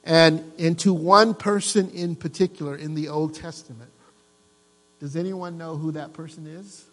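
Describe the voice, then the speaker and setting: A man preaching a sermon to his congregation, lively, asking them questions and joking. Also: fairly high pitch, normal speed, in a large hall. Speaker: pastor. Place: church.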